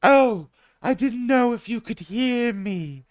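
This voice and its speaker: A man doing a slow, high falsetto lady voice. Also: lively intonation, dry recording, studio quality, heavily acted. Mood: timid. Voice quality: high falsetto, drawn-out and breathy.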